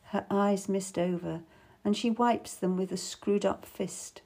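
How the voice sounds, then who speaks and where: A woman narrating a story in the first person in a calm, measured way. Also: medium pitch. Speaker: audiobook narrator.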